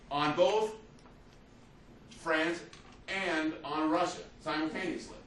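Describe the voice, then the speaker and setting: A man's voice: on the high side, slow pace, a bit bright, slight background noise. Man lecturing in an echoey classroom. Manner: conversational, acts out quotes, frequent "you see" and "right?". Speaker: history teacher. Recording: roomy, distant, faint ambience.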